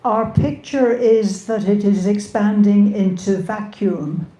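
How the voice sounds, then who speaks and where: An older woman with a slight Scottish accent answers audience questions at a lecture. She talks slowly in a mellow, darker voice, measured and dryly humorous. The echo of the lecture hall hangs around her words. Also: medium pitch. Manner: measured, plain-spoken, dry humour. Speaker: astrophysicist giving a public lecture.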